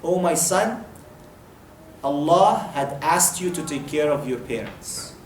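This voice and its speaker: A man's voice: fairly high pitch, animated, slow pace, echoey room, slight background noise, low-quality recording. A man giving an earnest sermon of advice, repeating key points and acting out brief exchanges. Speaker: preacher.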